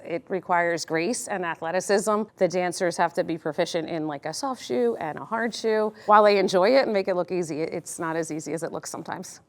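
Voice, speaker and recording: A woman in her forties, a dance teacher, speaking earnestly about her school in an interview. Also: medium pitch.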